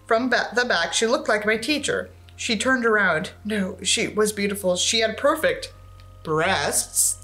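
A woman's voice: mid-range voice, a little slow, bright, forceful tone, poor audio. A woman reading a novel aloud as a book reviewer, breaking off for wry, sarcastic comments.

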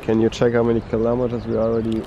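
A man talking in a monotone, feeling unwell, narrating a casual travel vlog outdoors on a coastal trail. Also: mid-range voice, very fast, muffled recording. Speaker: travel vlogger. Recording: outdoor noise behind the voice.

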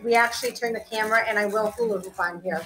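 A woman's voice: mid-range voice, steady tone, fast talker, a bit bright. A woman hosting a live online clothing sale, chatting casually and calling out item sizes, often laughing. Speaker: live-stream seller host.

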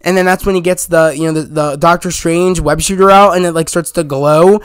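A man giving a casual, excited spoiler review of a movie, retelling scenes in a rambling way with many restarts. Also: on the high side, a little fast, clear, resonant tone, dry recording.

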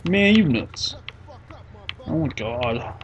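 Opgewonden jonge gamer, traag pratend. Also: male voice, mid-range voice, slow. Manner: excitable, swearing and mock-frustrated. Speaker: let's play gamer. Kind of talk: casual gameplay commentary.

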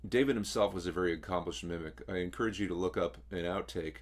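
A baritone instructor walks singers through imitating a rock vocalist, his delivery casual and throaty, words swallowed. He speaks fast with fairly even intonation.

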